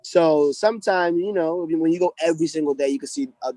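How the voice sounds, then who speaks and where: A young man from the United States talks quickly in a fairly high voice. He is a podcast guest who chats casually, using slang and often restarting his sentences. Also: mellow. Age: 20s. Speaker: guest, pro fighter. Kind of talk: casual interview chat.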